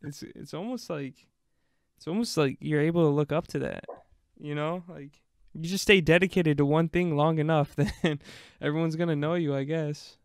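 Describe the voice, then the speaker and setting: Young man, podcast co-host, lively and profane, smooth voice on a dry close mic. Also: fairly high pitch, normal speed, no echo. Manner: animated, swears and laughs a lot. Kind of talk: casual chat.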